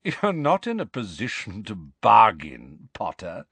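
A man voicing a cold, aristocratic male villain with a low, slow, sneering drawl. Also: wildly swooping pitch, vocal fry, a bit bright, slightly rough, no echo, full character voice.

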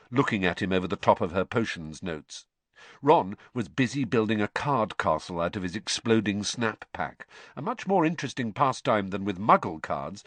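Male audiobook narrator, lively melodic reading, dry close sound. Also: lowish voice, no room sound. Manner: expressive, animated. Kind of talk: storybook narration.

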